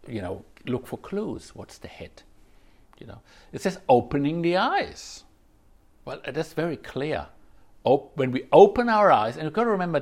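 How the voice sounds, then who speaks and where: A man giving a reflective dharma talk as a Zen teacher, circling back over phrases and filling pauses with "you know". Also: on the high side.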